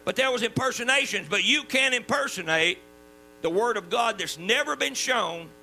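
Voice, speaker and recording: Southern male preacher, high piercing voice, folksy emphatic sermon, hum under it. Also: expressive, moderate pace, gravelly, low-quality recording. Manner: folksy, emphatic preaching with sudden drops to quiet. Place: church.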